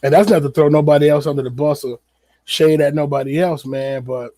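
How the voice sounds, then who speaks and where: A man's voice: on the high side, fairly even intonation, a little fast, mellow, no echo. A man hosting a podcast in a casual solo commentary, talking loosely with many fillers and repeated words. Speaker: podcast host.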